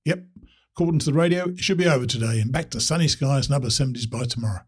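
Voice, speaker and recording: A man's voice: medium pitch, very fast, slightly rough, lightly acted. A man voicing an older male hostel keeper who talks in an easygoing mumble.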